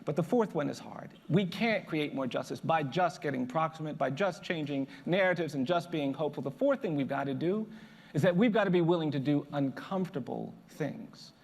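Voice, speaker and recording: A man's voice: fairly high pitch, expressive, a little fast, gravelly. A man, a lawyer, giving a motivational speech with emphatic, building repetition. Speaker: lawyer and public speaker. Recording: echoey hall reverb.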